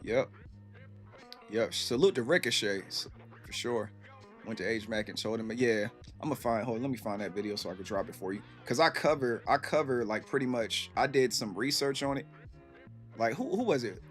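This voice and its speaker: A man's voice: mid-range voice, normal speed, faint music behind. A man from Virginia hosting a casual livestream, chatting with viewers in a laid-back, slangy way. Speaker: livestream host. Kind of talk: casual livestream chat reading comments.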